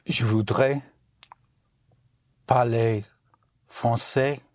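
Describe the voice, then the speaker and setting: A man's voice: mid-range voice, steady tone, very slow, darkish tone, no echo, clean studio sound. A man learning French, carefully repeating phrases after his teacher. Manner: careful, tentative repetition. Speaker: student. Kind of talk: repeating phrases in a language lesson.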